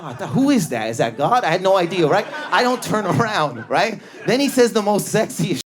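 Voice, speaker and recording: A Canadian man doing stand-up, telling animated stories and bursting into shouted impressions of other people. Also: high-pitched, brisk, background noise. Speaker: stand-up comedian. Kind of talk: stand-up routine. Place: comedy club stage before a live audience. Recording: live club with loud crowd laughter. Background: audience laughter.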